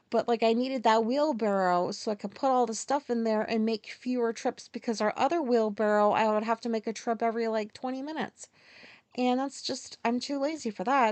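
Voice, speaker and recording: A woman's voice: fairly high pitch, a little fast, no room sound. A woman in her forties hosting a casual solo podcast, telling stories candidly, ranting and swearing freely. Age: 40s. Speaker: podcast host.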